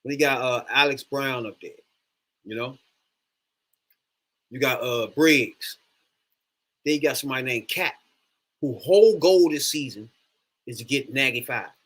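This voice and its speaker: Man, sports fan vlogger, casual rant, profane, exasperated, bright sharp tone. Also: mid-range voice, a little slow, long pauses. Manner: animated, profane, exasperated ranting. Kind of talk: casual ranting monologue.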